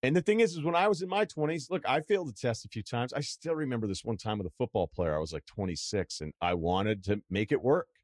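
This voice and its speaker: A man's voice: mid-range voice, animated, quick pace, few pauses, darkish tone, dry recording, clean studio sound. A middle-aged man hosting a podcast, telling a rambling, profane, self-deprecating story in casual chat. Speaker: podcast host.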